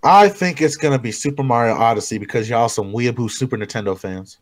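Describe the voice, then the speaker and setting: A man co-hosts a loose video game chat, talking quickly at an ordinary pitch. He is blunt and teasing, swearing as he pokes fun at the others' choices. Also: crowd noise. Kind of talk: casual chat about video games.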